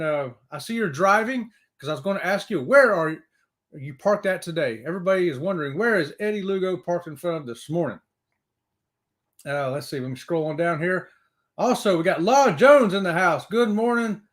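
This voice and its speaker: A man hosting a casual live stream, greeting viewers by name and reading their comments aloud in an upbeat, whooping way. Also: high-pitched.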